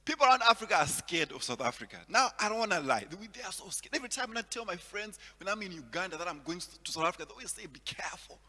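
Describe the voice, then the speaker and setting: A man performs stand-up comedy in a high, bright, very lively voice, stumbling over repeated words and chuckling at his jokes. His voice rings with a long reverb over a faint hum. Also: rapid-fire, few pauses. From Zimbabwe. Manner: animated, repeats words, laughs at own jokes.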